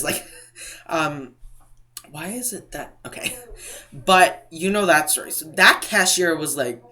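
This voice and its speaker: Casual vlogger man with a bright, forward tone, chatty and digressive, often restarting his sentences. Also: fairly high pitch, normal speed. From New England. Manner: rambling, self-interrupting, mimics other people. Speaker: couponing vlogger. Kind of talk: casual storytime.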